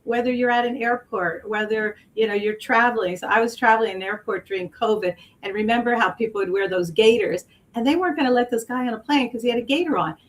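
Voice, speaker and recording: A middle-aged woman, a guest on an interview, telling stories in an animated way and acting out the dialogue. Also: on the high side, quick pace, hardly any pauses, rough recording. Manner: animated storyteller who acts out dialogue and laughs often. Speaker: guest, speaker and improv actor. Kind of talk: casual interview storytelling.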